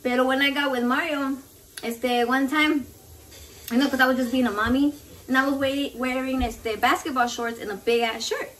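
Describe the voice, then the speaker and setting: Cooking in her own kitchen, this woman in her thirties, a Mexican-American vlogger, chats casually with a foul mouth and drifts between English and Spanish. She speaks at a normal speed in a high-pitched, steady, slightly bright voice. Faint noise sits in the background of the slightly distant mic.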